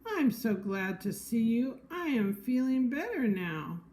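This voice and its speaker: A woman voicing a kindly old male grandfather elf in a storybook, gentle and grateful. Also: fairly high pitch, big pitch swings, a little slow.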